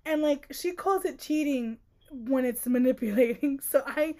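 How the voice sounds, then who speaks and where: Sassy high-voiced woman chatting. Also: normal speed. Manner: sassy, exasperated, animated. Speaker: podcast co-host. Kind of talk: casual chat about a book.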